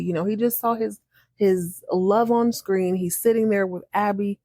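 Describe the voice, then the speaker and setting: A woman hosting a podcast, recapping a TV episode in an animated, chatty way, acting out the characters' lines and laughing often. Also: mid-range voice, normal speed, no room sound, studio quality. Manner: animated, acts out characters' lines in shifting voices. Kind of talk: casual recap monologue.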